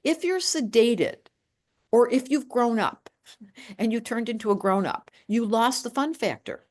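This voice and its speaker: A woman's voice: on the high side, measured pace. Emphatic, rambling woman in her late sixties. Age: 60s. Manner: animated, emphatic, rambling with restarts. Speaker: astrologer. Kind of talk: casual chat.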